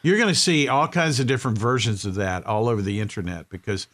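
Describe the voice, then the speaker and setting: A man's voice: medium pitch, fast talker, fairly bright tone. A man co-hosting a podcast in casual chat, skeptical and lecturing as he gives his opinions. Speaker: podcast co-host.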